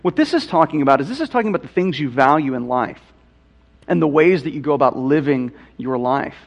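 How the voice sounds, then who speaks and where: A man's voice: on the high side, lively intonation, fairly quick, gravelly. Preaching man with a raised voice. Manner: repeats words, asks probing questions. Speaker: pastor. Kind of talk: sermon.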